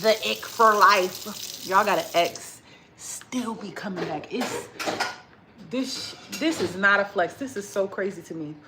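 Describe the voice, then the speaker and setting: A woman chatting casually with her livestream viewers while she cooks in a home kitchen. She tells stories in an animated way, acts out what people said, and curses freely. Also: medium pitch, unhurried, background noise. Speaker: vlogger chatting with live viewers.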